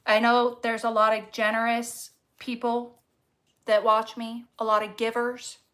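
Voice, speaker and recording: A woman's voice: on the high side, completely flat delivery, unhurried, fairly bright tone, rough recording. A woman reading tarot cards casually to camera, fervent and encouraging, swearing freely and repeating words for emphasis. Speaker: tarot reader.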